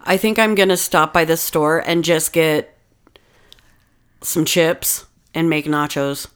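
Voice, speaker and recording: A woman's voice: sits low, slow, smooth. A woman co-hosting a casual podcast, swearing freely and laughing often as she stumbles through reading a case. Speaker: podcast co-host.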